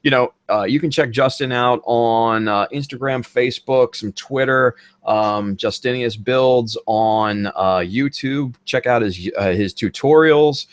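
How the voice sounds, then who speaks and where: A man hosting a casual online podcast, talking in a relaxed, rambling way with many fillers. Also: medium pitch, measured pace, hardly any pauses, dry recording. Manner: laid-back, filler-heavy, friendly sign-off. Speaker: podcast host. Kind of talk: casual chat.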